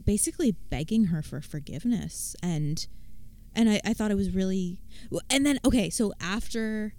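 A woman's voice: medium pitch, lively intonation, normal speed, dark tone. A woman in a casual film discussion, speaking hesitantly and with many fillers.

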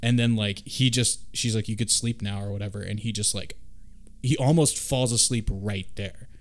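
A man hosting a casual film discussion, talking in an animated, rambling way and swearing freely. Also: on the low side, normal speed.

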